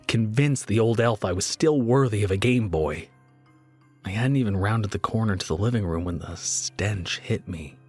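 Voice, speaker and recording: A man reading a horror story aloud in a measured way, slowing down for dread. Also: fairly low pitch. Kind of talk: scripted horror narration.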